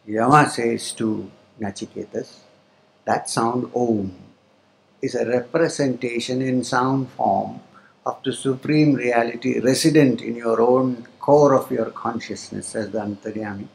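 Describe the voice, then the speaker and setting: Man, spiritual teacher, discourse in a hall, slow explaining with pauses, chants Sanskrit words, mid-pitched voice. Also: vocal fry. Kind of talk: spiritual discourse to a live audience. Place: lecture hall with audience.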